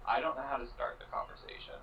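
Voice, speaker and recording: Man, tabletop player, rambling, animated, a bit distant from the mic, faint hiss. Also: mid-range voice, fast, muffled recording. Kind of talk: casual tabletop role-play.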